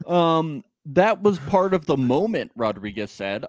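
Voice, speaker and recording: A man's voice: a little high, big pitch swings, a little slow, few pauses, no room sound. A man co-hosting a casual sports podcast, blunt and mocking, swearing often. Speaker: podcast co-host.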